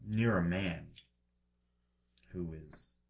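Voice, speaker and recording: A man with a very deep voice runs a tabletop game and narrates each scene in a steady, descriptive way. Clear background noise runs under the noisy recording. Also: extremely slow. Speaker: game master.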